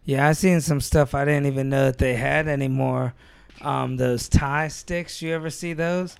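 A man's voice: mid-range voice, steady tone, normal speed, vocal fry, clean tone, no echo. A man co-hosting a casual chat, laid-back and slangy, laughing often. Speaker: podcast co-host.

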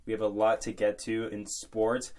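A man's voice: on the low side, monotone, normal speed, a little mellow. A young man co-hosting a college podcast, telling rambling, joking stories before turning to sports. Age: young adult. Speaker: podcast co-host. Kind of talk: casual college sports chat.

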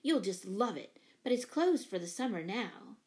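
A woman voicing an excitable young girl in a storybook, lifting her voice higher. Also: moderate pace. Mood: eager.

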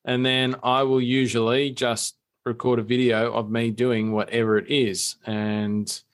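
A man co-hosting a podcast, explaining in a relaxed, conversational way. He keeps checking in with his listener with quick "right?" asides, and his voice sits at an ordinary middle pitch. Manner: conversational, tag questions like "right?". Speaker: podcast co-host. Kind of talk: casual business podcast talk.

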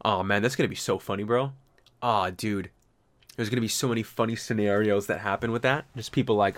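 A man's voice: on the low side, a little fast. A young man talking in a casual, rambling monologue. He swears often, uses slang, and breaks into mocking impressions. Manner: loose and profane, slangy, jumps into mocking impressions.

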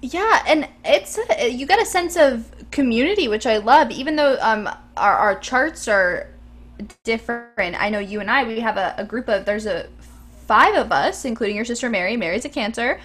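A woman's voice: fairly high pitch, animated, moderate pace, a bit bright, breathy edge, soft background music. A young woman co-hosting a podcast, chatting casually and enthusiastically with frequent ums. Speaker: podcast co-host. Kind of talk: casual chat.

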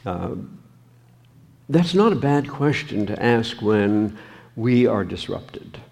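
Slow gravelly male preacher. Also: fairly low pitch, big pitch swings, darkish tone. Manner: slow, reflective, with frequent ums and pauses. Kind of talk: sermon reading and commenting on scripture.

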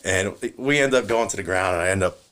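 A man's voice: low-pitched, fast talker, a bit bright. A middle-aged man, a former police officer, telling a long story casually, swearing, chuckling and using a lot of fillers.

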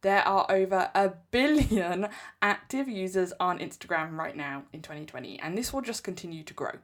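A woman's voice: lowish voice, moderate pace. A woman with an English accent hosting a solo podcast, giving direct, emphatic business advice. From England. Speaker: podcast host.

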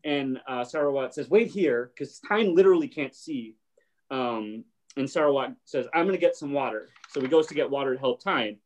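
A man recaps a show scene in casual conversation, trailing off into fillers and acting out short bits of dialogue. His voice sits at a middle pitch. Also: lively intonation, moderate pace. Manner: retells scenes, briefly acting out lines. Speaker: podcast host.

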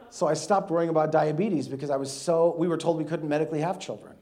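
A man in his thirties, a guest preacher telling a funny, animated personal story in a sermon with frequent laughter. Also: on the high side, quick pace, hardly any pauses.

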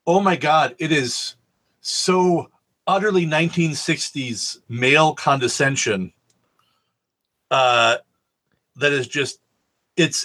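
A man's voice: medium pitch, sharp tone, breathy edge. A man co-hosting a podcast, telling rambling anecdotes in casual chat and swearing freely. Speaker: podcast co-host.

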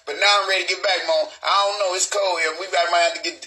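A man's voice: high voice, steady tone, racing, pushed and bright, soft background music, poor audio. A middle-aged man hosting a live online show, talking in a rambling, streetwise way and swearing freely. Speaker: show host. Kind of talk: casual live stream talk.

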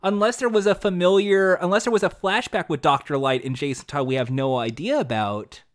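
A man's voice: high-pitched, fairly quick, no echo, clean studio sound. A man co-hosting a podcast, chatting casually about a TV episode, laughing often and swearing freely. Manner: animated, laughing, swearing, puts on goofy voices. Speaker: podcast co-host. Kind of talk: casual chat reviewing a TV episode.

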